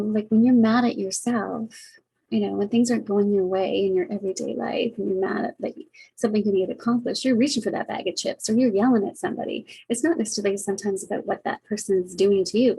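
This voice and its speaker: Caregiver vlogger, middle-aged woman, husky dark tone, reflective and earnest, speaks to her webcam. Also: mid-range voice, fairly even intonation, fast, low-quality recording. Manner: earnest, reflective, many fillers. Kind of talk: casual heartfelt talk to camera. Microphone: webcam, facing camera.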